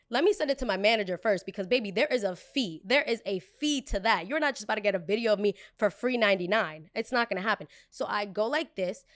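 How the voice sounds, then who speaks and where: A young adult woman hosting a podcast, retelling a story in a sassy, animated, dramatic way with quick bursts. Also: mid-range voice, no echo, studio quality. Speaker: podcast host. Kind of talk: casual storytelling.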